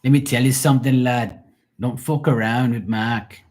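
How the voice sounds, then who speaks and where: A man's voice: mid-range voice, steady tone, moderate pace, a little mellow, voice pushed up, natural voice. A man putting on a cocky brash Irish tough guy. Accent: put-on Irish.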